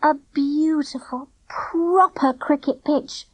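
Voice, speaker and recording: A woman reading a storybook, voicing a fierce, bossy young girl who snaps and shouts. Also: huge pitch swings, measured pace, no room sound, exaggerated voice. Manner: shrill, snappish, bossy.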